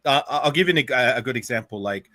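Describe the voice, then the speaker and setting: A man's voice: medium pitch, expressive, quick pace, pushed and bright, dry recording. A man with an Australian accent, a guest in a casual sports chat, arguing his point and saying "like" often. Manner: argumentative, uses "like" often.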